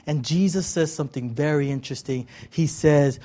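A male pastor from California preaching a conversational sermon to a congregation, playful and animated, with frequent asides and questions to the audience. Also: on the high side, moderate pace, hardly any pauses.

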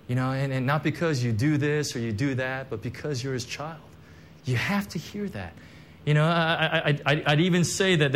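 A man's voice: mid-range voice, a little hiss or hum. Earnest man preaching a testimony. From Korean heritage, church background. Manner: conversational, emotional, many fillers and restarts. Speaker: pastor. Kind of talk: sermon with personal testimony.

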